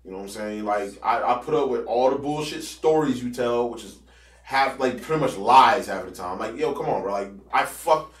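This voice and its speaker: Man, podcast storyteller, animated, swears a lot, quotes people, roomy room, distant mic. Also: medium pitch, moderate pace. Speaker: podcast host. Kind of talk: casual storytelling chat.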